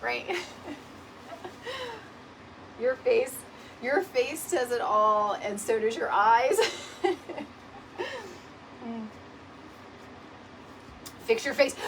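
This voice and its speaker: A middle-aged woman, chatting casually and laughing often while hosting a live DIY decor video. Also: on the high side. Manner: chatty, laughs often, says "y'all" and "right?". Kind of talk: casual livestream chat while crafting. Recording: mic at a distance, audible room noise.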